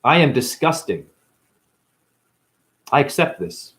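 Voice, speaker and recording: A man's voice: mid-range voice, big pitch swings, slow pace, a bit bright. Blunt, profane man ranting in pain. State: in chronic pain. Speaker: live-stream vlogger. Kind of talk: raw unscripted monologue.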